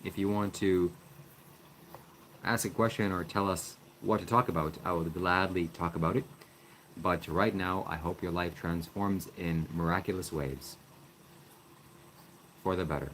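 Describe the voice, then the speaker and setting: Man, very low voice, sly mock-spiritual pitch, faint background noise. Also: fairly even intonation, a little slow, pauses often, fairly bright tone. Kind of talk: comedic livestream, mock donation pitch.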